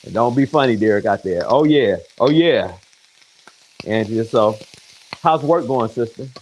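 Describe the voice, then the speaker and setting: A man's voice: mid-range voice, lively intonation, measured pace, darkish tone, highs cut off, slight background noise. A man chatting and joking with viewers by name as he cooks in his home kitchen. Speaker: home cook streaming to viewers. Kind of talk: casual live cooking chat. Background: sizzling pan.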